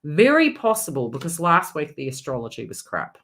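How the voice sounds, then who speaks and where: A woman's voice: low voice, sing-song, fairly quick, fairly bright tone. A middle-aged woman hosting a live psychic reading, talking in a chatty, blunt and frank way with some mild swearing. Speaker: psychic medium host.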